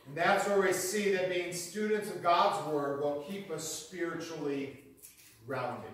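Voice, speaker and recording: A pastor preaching a sermon in an earnest teaching manner, repeating key phrases for emphasis. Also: male voice, fairly high pitch, fairly even intonation, unhurried, a bit bright. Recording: very echoey hall, mic far off.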